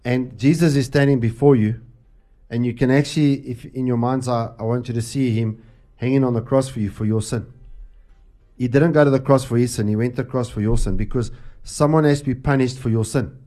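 A man's voice: medium pitch, fairly even intonation, a little fast, mellow. A man hosting a Christian talk show, preaching earnestly about the cross with frequent restarts. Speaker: host.

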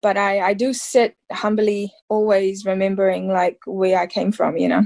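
A woman's voice: medium pitch, level tone, moderate pace, vocal fry, a little mellow. A woman in her thirties from South Africa, an actress talking casually in an interview, rambling and full of fillers. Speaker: actress guest.

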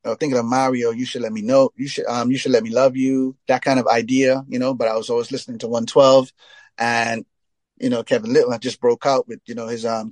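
A man from Trinidad, a reggae singer giving a relaxed interview, telling long stories packed with "you know" fillers. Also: mid-range voice, dry recording. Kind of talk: casual storytelling interview.

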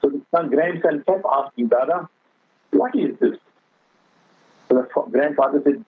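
Man, husky voice, earnest religious exhortation, heard through a tinny phone line. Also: mid-range voice, moderate pace, pauses often, no echo. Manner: earnest, exhorting, addresses the other speaker as Maulana; tells a moral story with quoted dialogue. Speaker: Islamic speaker on a radio talk show. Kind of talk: religious radio talk.

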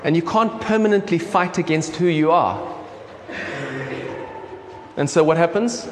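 A man's voice: on the high side, measured pace. A man from South Africa with a South African accent, preaching a sermon in a casual, conversational way with many ums and restarts. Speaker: pastor. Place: church hall. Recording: echoey church hall with faint room noise.

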